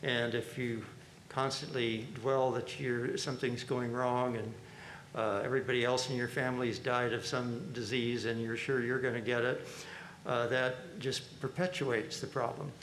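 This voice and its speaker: A man's voice: mid-range voice, moderate pace. A man leading a spiritual reading group, commenting casually with chuckles and frequent fillers. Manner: relaxed, chuckling, hesitant with fillers. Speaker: monk leading a reading and discussion. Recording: roomy echo, faint background noise.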